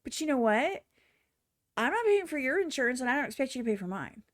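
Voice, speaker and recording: A woman with a fairly high voice talks bluntly through a music video as a streamer. She swears freely and mimics other people in exaggerated voices. The sound is dry and close. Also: big pitch swings, fast, dry recording. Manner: blunt, profane, outspoken. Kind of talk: casual reaction commentary.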